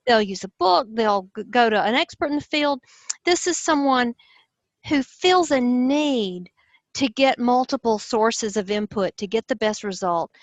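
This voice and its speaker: Casting: Southern US woman host, lively and expressive, a bit high-pitched, dry close sound. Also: no echo, low-quality recording. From Southern United States. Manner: enthusiastic, expressive. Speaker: host, personality-type teacher. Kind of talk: explanatory conversation.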